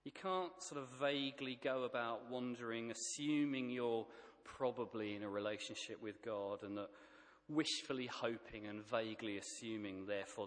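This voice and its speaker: A man's voice: on the low side, long reverb tail. A man preaching a sermon, emphatic and plain-spoken, stacking up repeated phrases.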